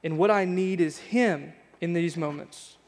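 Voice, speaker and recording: A man's voice: fairly high pitch, a little slow, a little mellow, big-room sound. A man in his thirties preaching a sermon as pastor, earnest and reflective, pressing on with repeated questions. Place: church sanctuary.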